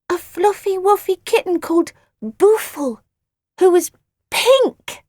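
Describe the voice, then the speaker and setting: A woman's voice: very high voice, lively intonation, takes it slowly, a little mellow, no echo, clean studio sound, voice pushed up, heavily acted. A woman voicing a cheerful young girl who coos and gushes in baby talk. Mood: cooing. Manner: cooing, gushing baby talk. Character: cheerful young girl monster-sitter, gushing.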